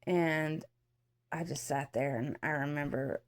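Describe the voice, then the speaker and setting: A woman's voice: sits low, fairly even intonation, measured pace. A young woman vlogger talking through near tears, heartfelt and rambling with many fillers, as she shares a personal story. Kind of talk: emotional personal commentary. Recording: child noise in the background. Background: child yelling nearby.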